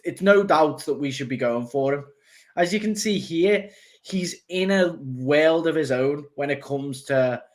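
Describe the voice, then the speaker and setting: Man, football analyst on a panel, emphatic, a bit high-pitched. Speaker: tactics analyst. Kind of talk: casual panel chat.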